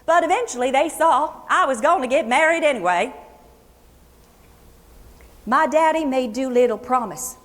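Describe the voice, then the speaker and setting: In a reminiscing mood, an actress plays a folksy Kentucky hill singer, a homespun, plainspoken woman with a fondness for storytelling. The historical first-person monologue comes in a high, expressive, slightly bright female voice with a Kentucky Appalachian accent, chatty and relaxed in pace. It's delivered to an audience in a luncheon hall with a long, echoing reverb.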